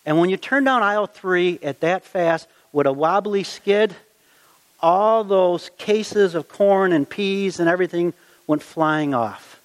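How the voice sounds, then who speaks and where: A middle-aged man telling a personal anecdote in a folksy, animated way, acting out the quotes as he goes. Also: high-pitched, measured pace. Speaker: storyteller. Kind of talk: personal anecdote, told aloud.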